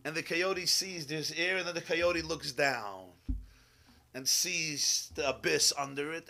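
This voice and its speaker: Rabbi guy teaching a chassidus class, kinda high bright voice, keeps going "yeah?" at the crowd. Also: a little slow, vocal fry. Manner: animated storytelling, peppered with Hebrew and Yiddish terms; checks in with listeners, asking "yeah?".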